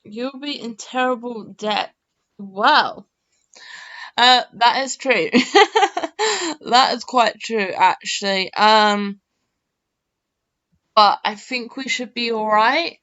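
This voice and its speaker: A woman talks her way through a game in an unhurried, smooth voice, full of fillers and teasing herself as she goes. The audio sounds a little muffled and lo-fi. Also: a little high, fairly bright tone. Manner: chatty, self-mocking, thinks aloud with many fillers. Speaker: game channel host. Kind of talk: rambling gameplay commentary.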